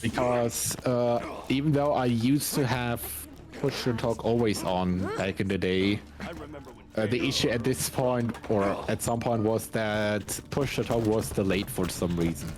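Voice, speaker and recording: A man explaining things haltingly with lots of fillers in casual gaming chat. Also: lowish voice, fairly even intonation.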